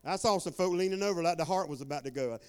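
A man preaching a lively sermon as pastor, folksy and whooping, with shouted outbursts. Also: on the high side, quick pace, clear, resonant tone.

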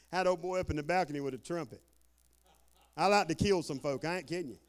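A man preaching a lively sermon as pastor, folksy and whooping, with shouted outbursts. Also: fairly high pitch, a little fast.

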